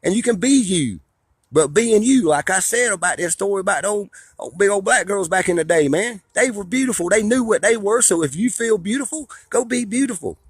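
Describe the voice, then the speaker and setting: A man's voice: high-pitched, expressive, a little fast, breathy edge, dry recording. A middle-aged man lectures his viewers in a blunt, preachy rant, often restarting and repeating phrases. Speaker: father and online commentator. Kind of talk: ranting monologue to viewers.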